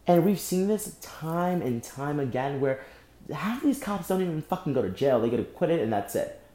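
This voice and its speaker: A young man hosting a solo podcast, speaking angrily and with deep emotion, often breaking off and repeating himself. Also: very animated, normal speed, mellow, reverberant. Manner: angry, emotional, repeats and restarts. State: emotionally shaken. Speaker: podcast host. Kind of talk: impassioned solo podcast monologue.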